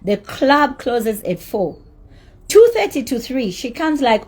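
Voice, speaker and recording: A woman's voice: fairly high pitch, big pitch swings, slow pace, darkish tone. A woman telling a story about a dispute in an angry rant, heated and emphatic, with swearing. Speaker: celebrity recounting a dispute.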